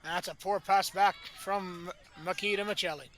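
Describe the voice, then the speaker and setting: Excitable high-voiced male sports commentator. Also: unhurried, a little hiss or hum. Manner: excitable, rising to shouts at big chances; uses colorful catchphrases. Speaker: play-by-play commentator.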